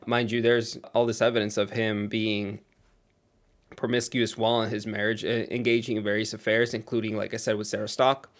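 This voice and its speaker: A man's voice: fairly low pitch, little pitch movement, brisk. A man doing casual commentary on online drama, sarcastic and gossipy, with chuckles.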